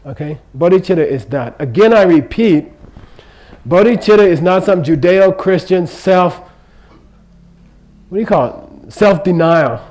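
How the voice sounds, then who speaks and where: A man's voice: high voice, animated, unhurried, darkish tone, poor audio. An older man giving an informal Buddhist teaching in a chatty, joking way, constantly checking in with his listeners. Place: teaching room in Kathmandu.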